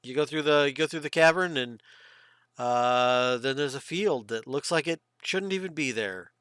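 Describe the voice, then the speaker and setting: A man voicing a powerful, guarded female wizard who speaks softly and cagily. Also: medium pitch, normal speed, clean tone, dry recording, close to an everyday voice.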